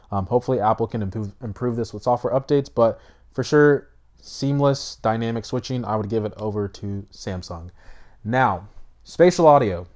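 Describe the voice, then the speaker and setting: Low-voiced man casually reviewing gadgets. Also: darkish tone. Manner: chatty and loose, with fillers like um and like. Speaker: tech reviewer. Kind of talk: casual product review to camera.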